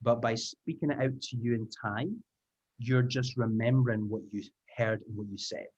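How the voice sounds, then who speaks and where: An upbeat male trainer runs a class over a video call, praising his students and breaking pronunciation down step by step. His voice sits at an ordinary middle pitch, and the call audio comes through slightly dull and muffled. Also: steady tone, moderate pace, darkish tone, slightly rough. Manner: upbeat, encouraging, explains step by step. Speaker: English teaching trainer. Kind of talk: online taster class.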